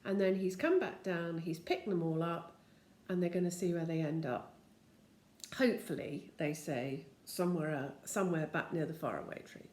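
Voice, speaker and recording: A woman's voice: fairly low pitch, moderate pace, darkish tone, a little hiss or hum. Older woman, homely storybook reader with chatty asides, echoey room. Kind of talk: reading a children's book aloud.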